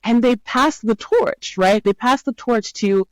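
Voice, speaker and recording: A woman's voice: on the high side, unhurried, no room sound, low-quality recording. A woman guest on a podcast interview who tells stories with energy and often checks in with "right?". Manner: lively storyteller, often adds "right?". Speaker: guest, brand scientist.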